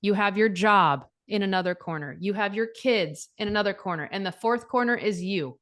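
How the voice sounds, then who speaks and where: A woman's voice: medium pitch, normal speed, a bit bright. A woman in her forties, a divorce coach, talking bluntly and emphatically, swearing freely in casual chat.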